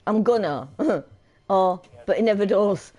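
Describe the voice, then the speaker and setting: A woman's voice: medium pitch, lively intonation, unhurried, mellow. A woman chatting casually while streaming a game, giggling often, swearing and teasing. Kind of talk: casual chat while gaming.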